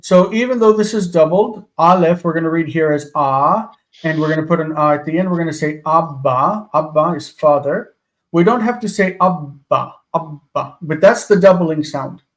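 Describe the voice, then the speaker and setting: Guy teaching hebrew on a video call, fairly high voice, patient, repeats stuff. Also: moderate pace. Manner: patient, explains with examples and repeats words. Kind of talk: live online language lesson.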